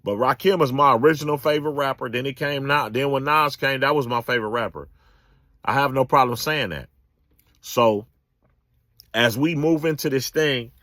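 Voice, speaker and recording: A man's voice: mid-range voice, a bit bright, dry recording, studio quality. A man, giving a casual, emphatic political rant full of slang and repetition. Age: 40s. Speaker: political commentator.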